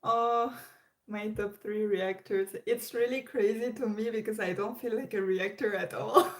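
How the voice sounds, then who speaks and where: Slow-talking woman chatting on a livestream. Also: mid-range voice, fairly even intonation. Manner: chatty, hesitant, many restarts and laughs. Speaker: livestream host. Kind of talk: casual livestream chat. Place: her room. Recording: roomy echo.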